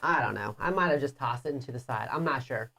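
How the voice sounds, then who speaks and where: Low-pitched lady co-hosting a board game stream, playful teasing, long rule explanations. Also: lively intonation, fast talker, creaky, sharp tone. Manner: teasing, explains rules at length. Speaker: board game show co-host. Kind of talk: casual live playthrough chat.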